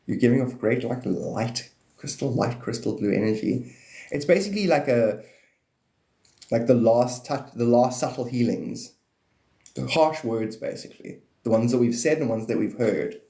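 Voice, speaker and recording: A man chatting on a live stream with a mellow, dark voice that sits mid-range for a man. He wanders from thought to thought and breaks now and then into goofy voices. The sound carries a noticeable room echo. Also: mid-range voice, normal speed, creaky. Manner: meandering, free-associating, laughs often, slips into silly voices. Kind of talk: rambling spiritual live-stream chat.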